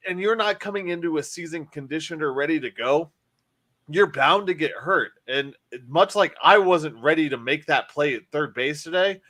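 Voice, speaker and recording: A man's voice: a little high, a bit bright. A man hosting a casual sports podcast, rambling and emphatic, often restarting his sentences. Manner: rambling, self-correcting, emphatic. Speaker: podcast host.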